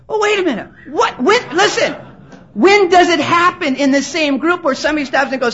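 A woman's voice: very high voice, expressive, a little fast, fairly bright tone. A woman preacher delivering an impassioned sermon at a conference, acting out quoted voices and urging her listeners to listen. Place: conference hall. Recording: dull lo-fi sermon recording.

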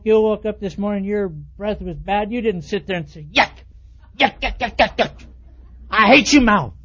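A man with a high voice preaches a sermon in a folksy, chatty way. He acts out everyday voices to make his point. The recording sounds dull and lo-fi. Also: a little mellow. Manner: folksy, acts out quoted voices with rising pitch. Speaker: pastor. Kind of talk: expository sermon.

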